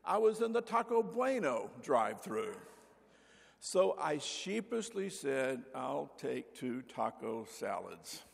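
An older man preaching a sermon as pastor, telling folksy stories and acting out the voices in them, with a gravelly voice. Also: fairly high pitch, long reverb tail. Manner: folksy storyteller, acts out voices. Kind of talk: sermon with anecdotes. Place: church sanctuary.

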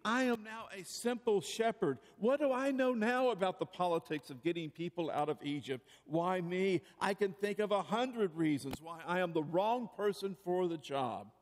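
Preacher doing a fretful old shepherd, raised pitch, pleading questions, long reverb. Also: male voice, lively intonation, moderate pace, hardly any pauses. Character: anxious older male shepherd pleading with God.

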